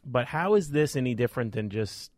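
A man's voice: mid-range voice, expressive, brisk, dry recording, clean studio sound. A man co-hosting a podcast, blunt and profane, working out his thoughts on the spot. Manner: blunt, profane, thinks aloud. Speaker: podcast co-host. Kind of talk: casual panel chat.

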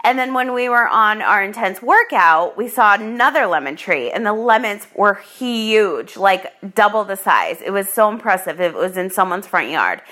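Bright, chatty woman podcast host. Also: mid-range voice, expressive, moderate pace, hardly any pauses. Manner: chatty, filler-heavy, laughing as she tells it. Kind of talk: casual storytelling monologue.

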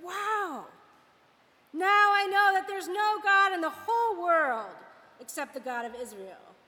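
A woman's voice: very high-pitched, lively intonation, unhurried, bright, forceful tone, in a large hall, full character voice. A woman voicing a proud, indignant male army general in a retold scripture story. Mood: amazed. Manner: indignant, ranting.

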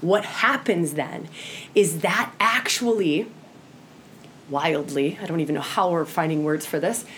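A woman's voice: low voice, measured pace, a little hiss or hum. A woman teaching tantra to a group in an impassioned way, often checking in with "right?" and acting out quoted voices.

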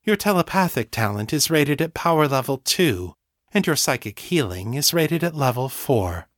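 A man reading an audiobook, voicing a collective hive mind that speaks in a mild, measured, formal way. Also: mid-range voice, very animated, no echo, studio quality, voice pushed up, natural voice. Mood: gentle. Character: calm collective hive mind of many psychics.

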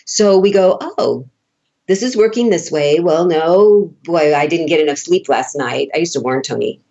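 A woman's voice: low-pitched, moderate pace, gravelly, highs cut off. A woman relationship coach, a podcast guest, telling candid, folksy stories and acting out the dialogue. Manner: animated storyteller, acts out dialogue, laughs often; candid, folksy, uses casual swearing. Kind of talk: conversational podcast interview.

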